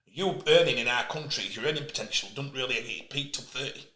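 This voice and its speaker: Middle-aged host, passionate storyteller, bright tone, roomy sound. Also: male voice, medium pitch, brisk. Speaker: host, player agent. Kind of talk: casual interview chat. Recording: echoey room.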